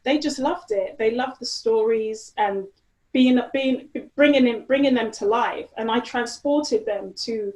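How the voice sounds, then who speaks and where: A woman's voice: a little high, unhurried, a little mellow. A woman, a guest in an interview, talking casually with lots of fillers and restarts. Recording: roomy echo.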